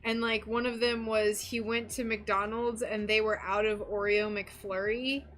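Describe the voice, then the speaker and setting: A woman's voice: medium pitch, little pitch movement, measured pace, fairly bright tone, soft background music. A woman chatting casually with her live-stream audience while crafting, giggly and talking to her pet. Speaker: stained glass streamer.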